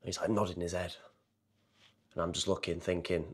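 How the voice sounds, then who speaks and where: Lower-pitched man telling a story. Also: a little fast, pauses often, breathy edge. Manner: animated retelling, acting out quoted people. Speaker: martial arts fighter and confidence coach. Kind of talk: casual storytelling to camera.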